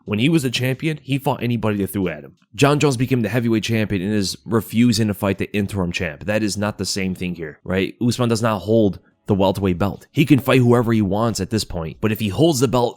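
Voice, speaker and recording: Male commentary host, low pitch, opinionated and rhetorical, dry close mic. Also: darkish tone, no echo. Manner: opinionated, asks rhetorical "right?". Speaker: YouTube MMA commentator. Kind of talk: scripted commentary monologue.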